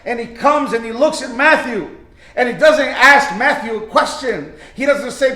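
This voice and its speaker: A male pastor preaches a fervent sermon in an echoey room, his very high voice pushed and bright at a normal pace. He frequently restarts his sentences and acts out quoted lines.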